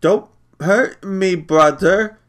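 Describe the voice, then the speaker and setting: A man voicing a frail, timid little boy who speaks slowly and softly. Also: a little high, lively intonation, pitched above the performer's own voice. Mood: pleading. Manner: slow, soft, wondering.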